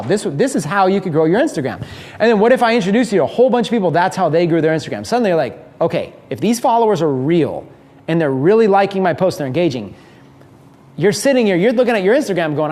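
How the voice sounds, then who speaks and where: Seminar speaker, male, slightly high voice, energetic and conversational. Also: fast. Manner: energetic, conversational, acts out listeners' thoughts. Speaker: business speaker teaching a mastermind. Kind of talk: live seminar talk.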